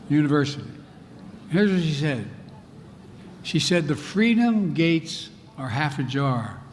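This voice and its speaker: A man in his eighties from Pennsylvania, giving an impassioned political speech at a conference and swinging between quiet stretches and loud emphatic bursts. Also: a little high, a little hiss or hum. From Pennsylvania, United States. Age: 80s. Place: large conference hall. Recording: echoey hall with faint ambience.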